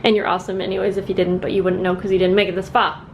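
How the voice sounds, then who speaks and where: A young woman talks casually to her viewers in an earnest, rambling way, her voice sitting in a middle pitch. A faint low rumble hums under the recording. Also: little pitch movement, racing, muffled recording. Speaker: craft vlogger. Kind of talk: casual chat to camera. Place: at home.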